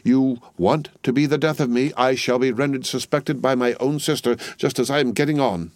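A man voicing a furtive, irritable man who speaks curtly in a low, hushed tone. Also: normal speed, dry recording, lightly acted.

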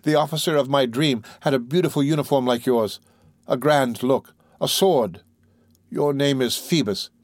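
A man's voice: medium pitch, normal speed, no echo, studio quality, natural voice. A man reading aloud, voicing an innocent, adoring young gypsy girl in a raised, tender voice for an audiobook.

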